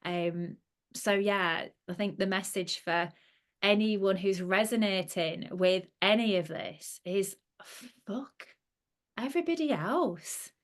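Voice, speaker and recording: A woman's voice: mid-range voice, takes it slowly. Effusive, foul-mouthed woman. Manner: effusive, swears freely. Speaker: podcast host. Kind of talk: casual interview chat.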